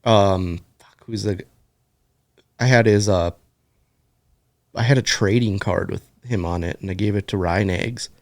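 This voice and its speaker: A man's voice: lowish voice, unhurried, pauses often, dry recording. A man co-hosting a podcast, rambling through stories in casual chat and swearing casually. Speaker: podcast co-host.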